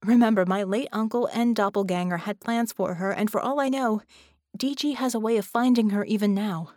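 A woman's voice: medium pitch, a little fast, darkish tone, no echo, studio quality, close to an everyday voice. A woman reading the part of a blunt female team leader in an audiobook, talking in an urgent, persuasive way.

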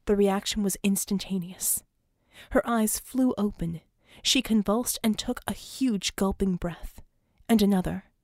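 A woman reads a tense story aloud with dramatic force, lifting to shouts and falling to breathy sobs as the characters demand. Her voice sits at a middle pitch, recorded close and dry with no room sound. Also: unhurried, no echo. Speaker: audiobook narrator. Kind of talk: scripted narration.

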